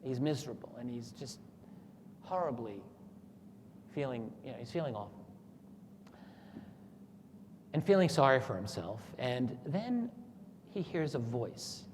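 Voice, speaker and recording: A man at a talk retells a story to his audience in an earnest, steady voice of middle pitch, now and then acting out the lines he quotes. The sound has a long hall reverb with faint noise under it. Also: measured pace, long pauses. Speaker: speaker at a talk. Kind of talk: lecture with a story retold.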